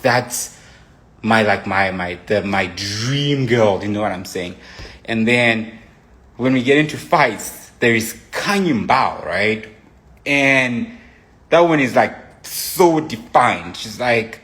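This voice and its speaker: With a medium-pitched, slightly bright voice and a slow pace, a young man shares his side of a breakup as a guest. He rambles casually, frequently restarting and slipping in asides.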